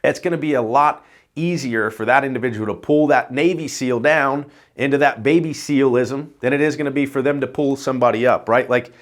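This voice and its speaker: A man's voice: mid-range voice, a little fast. A man who runs an insurance agency, talking casually to camera and coaching agents in a loose, rambling way, often tagging "right?" on his points. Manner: casual, swears offhand. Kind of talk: casual vlog talk.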